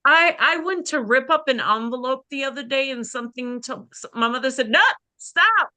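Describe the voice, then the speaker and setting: A woman's voice: high-pitched, brisk, pushed and bright, no echo. A woman coach speaking candidly and conversationally in a women's support circle, on a video call. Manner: candid, conversational, frequent "you know" and "like".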